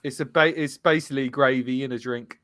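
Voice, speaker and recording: A man's voice: mid-range voice, steady tone, brisk, fairly bright tone, no echo, studio quality. A man hosting a casual live-streamed football show, chatty, reading out viewers' comments and laughing often. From England. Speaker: host.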